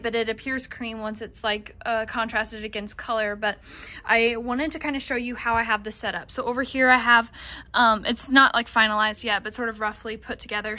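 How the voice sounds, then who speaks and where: A woman's voice: a little high, pushed and bright. A woman giving a chatty vlog walkthrough of her craft studio, with lots of "um" and "like". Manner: chatty, with fillers like "um" and "like". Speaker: small business yarn dyer.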